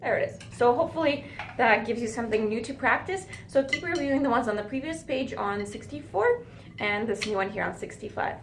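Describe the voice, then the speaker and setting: In a drum-filled music school room, a woman's slightly high, expressive voice moves at a fairly quick clip as she teaches drum fills for a video lesson. Counting the rhythms out loud, she breaks things down step by step, often asking "right?" to check in. Loud drumming bounces around the echoey space.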